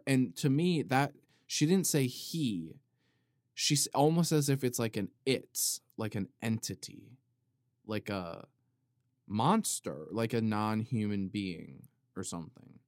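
A man chats through his podcast in a loose, rambling monologue that keeps drifting off on tangents and is peppered with swearing. His voice sits on the low side, and the sound is dry and close with no room echo. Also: slow. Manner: rambling, tangent-prone, profane, animated. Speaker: podcast host.

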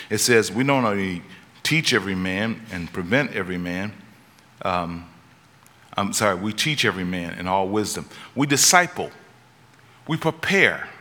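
A man preaching a sermon in a church, his voice lower-pitched but bright and forceful. He tells stories and climbs to urgent, high peaks at the key moments. A long hall reverb trails behind every line.

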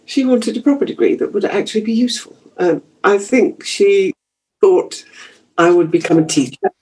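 A man's voice: high voice, lively intonation, moderate pace, a little mellow, breathy edge. A man, a journalist being interviewed, telling stories from his youth in a chatty way, laughing easily and restarting his sentences. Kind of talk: reflective conversational storytelling.

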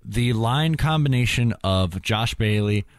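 A man's voice: lowish voice, lively intonation, measured pace, no echo, clean studio sound. A man hosting a hockey podcast in casual chat, steering the talk and citing stats.

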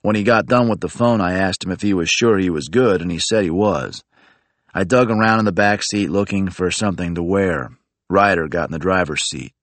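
A man narrating a first-person audiobook in a low-key, matter-of-fact way. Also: fairly quick, dry recording.

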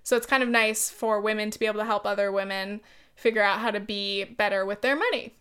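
A woman's voice: medium pitch, little pitch movement, fast, fairly bright tone, smooth. A young woman in casual chat as a YouTuber, rambling and filler-heavy, with many ums and likes.

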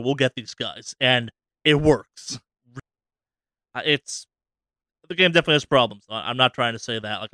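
A man co-hosting a podcast, rambling casually about a video game with many restarts and quick asides. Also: medium pitch, clear, resonant tone, no echo. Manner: rambling, many restarts, animated voices for quotes. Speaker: podcast co-host.

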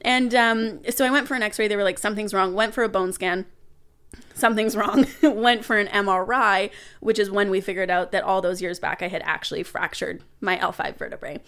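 A young adult woman, a podcast guest, telling a personal story in casual chat, animated, laughing and swearing now and then. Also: mid-range voice, fairly quick, few pauses, clean tone.

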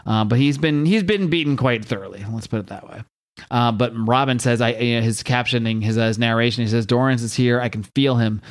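A man's voice: mid-range voice, brisk. Rambling man recapping a comic. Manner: rambling, many fillers and restarts. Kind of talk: casual comic-book recap.

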